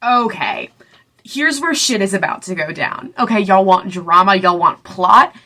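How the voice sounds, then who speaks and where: A woman's voice: mid-range voice, expressive, normal speed, pushed and bright. A young woman casually recapping a book with gossipy drama and plenty of swearing.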